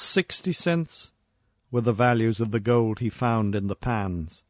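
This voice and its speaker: This scripted reading of a classic tale comes from a male audiobook narrator whose mid-range voice moves at a slow, deliberate pace. The sound is dry and clean, straight from the studio.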